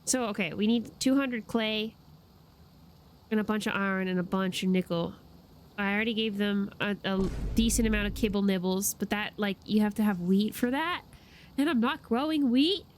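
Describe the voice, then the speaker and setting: A young woman streaming a video game, chatting casually and excitably and laughing often as she plays. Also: mid-range voice, moderate pace. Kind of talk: casual gameplay chat. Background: game music.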